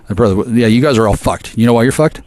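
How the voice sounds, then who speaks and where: A man's voice: mid-range voice, fast talker, a little mellow, no room sound. A man ranting at length to his viewers, profane and aggressive, with frequent stammering restarts. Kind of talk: rambling profane rant to camera.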